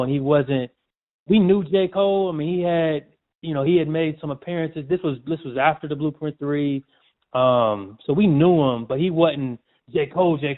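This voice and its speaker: A man, a sportswriter guest, telling stories in a relaxed, slangy way during a casual interview. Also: a little high. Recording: tinny phone-like audio.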